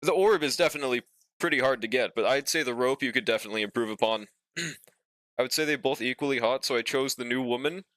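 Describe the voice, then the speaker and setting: Bright, crisp young male streamer. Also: medium pitch, fast talker, no room sound. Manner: laid-back, joking, talks to chat, swears casually. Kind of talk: casual live-stream chat.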